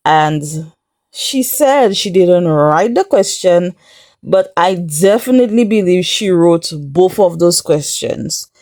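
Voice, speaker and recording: A woman's voice: on the low side, expressive, takes it slowly, a little mellow, dry recording, clean studio sound. A woman giving a casual recap of a reality show, chatty and incredulous, laughing often as she tells it. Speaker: recap vlogger.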